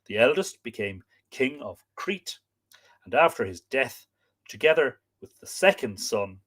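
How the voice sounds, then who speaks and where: A man's voice: mid-range voice, big pitch swings, a little slow, a bit bright. A man hosting a live stream, reading old myths aloud, chatting with viewers and stopping to work out pronunciations.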